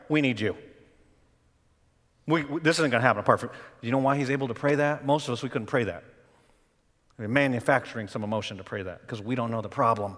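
A man preaching a sermon as pastor, talking conversationally and then rising to loud, emotional cries. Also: mid-range voice, expressive, quick pace, big-room sound.

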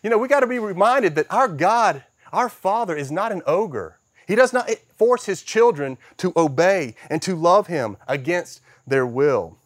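A middle-aged man preaching a sermon as a pastor, emphatic, swinging between loud stresses and soft, quiet passages. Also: high voice, expressive, moderate pace, hardly any pauses, dry recording, clean studio sound.

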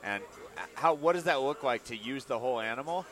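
A man's voice: medium pitch, expressive, fairly quick, a bit bright. A man who is an executive chef, answering thoughtfully in a rambling way. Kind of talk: casual interview.

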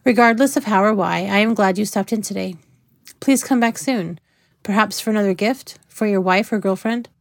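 A woman's voice: mid-range voice, normal speed, gravelly, no echo, studio quality, natural voice. A woman reading the part of a friendly, teasing young shop woman who speaks politely and playfully.

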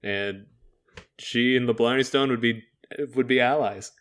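A man co-hosting a comedy podcast, chatty and quick to laugh while building jokes. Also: medium pitch, steady tone, fairly bright tone. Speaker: podcast co-host. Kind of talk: casual comedic brainstorming chat.

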